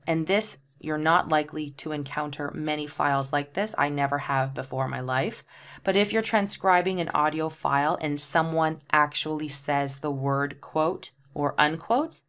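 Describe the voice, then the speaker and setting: Brief: woman tutor, lower-pitched voice, patient step-by-step explaining. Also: a bit bright. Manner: explanatory, reads example sentences aloud spelling out punctuation. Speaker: transcription tutor. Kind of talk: screen-share tutorial.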